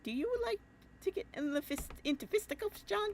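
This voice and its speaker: A woman's voice: high-pitched, expressive, brisk, slight background noise, voice pushed up. A woman voicing a cheery, adventurous teenage boy who uses old-timey slang, reading his letter aloud in a hearty, folksy way. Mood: jolly.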